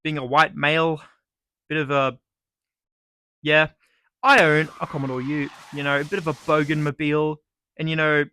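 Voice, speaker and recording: Young aussie guy ranting, sarcastic and sweary, high bright voice, dry sound. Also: level tone, moderate pace, long pauses, smooth, dry recording. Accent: Australian. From Australia. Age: young adult. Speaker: vlogger. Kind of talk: comedic rant.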